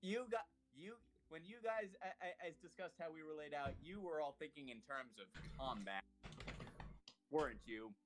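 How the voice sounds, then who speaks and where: A man's voice: fairly high pitch, animated, normal speed. A man playing in a tabletop game over voice chat, talking casually and hesitantly with many restarts and fillers. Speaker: player.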